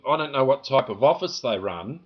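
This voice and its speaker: A man's voice: mid-range voice, animated, a little fast, husky, dull audio. A man from Australia with an Australian accent, rambling indignantly to camera about a complaint, with lots of "you know" fillers. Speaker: vlogger.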